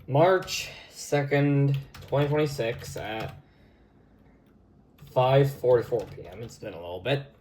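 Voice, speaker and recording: Slow-talking man narrating his screen. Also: medium pitch, darkish tone, a little hiss or hum. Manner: unhurried, chatty, mutters while clicking. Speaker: retro computing vlogger. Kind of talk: casual screen-recording commentary.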